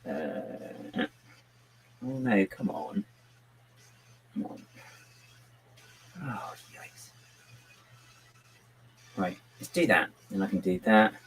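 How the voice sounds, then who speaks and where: A man's voice: low voice, huge pitch swings, slow, creaky, long pauses, slight background noise, rough recording. A man chatting casually on a live stream while building, muttering to himself and to a pet on his lap. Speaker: livestreaming brick builder.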